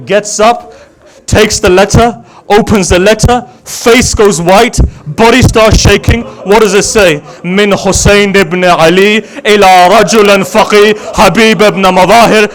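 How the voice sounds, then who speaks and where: A man who is a religious scholar tells a sacred story in an emotional sermon. He acts out each figure's words and often drops to a hushed voice. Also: high-pitched, steady tone, unhurried, poor audio. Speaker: Shia religious scholar giving a majlis. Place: religious center gathering hall.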